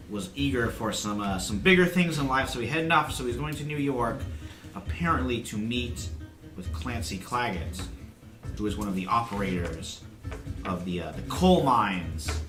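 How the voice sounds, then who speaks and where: A man's voice: lowish voice, roomy sound, poor audio. A man acting as game master, casually recapping the story and introducing players in a tabletop game session.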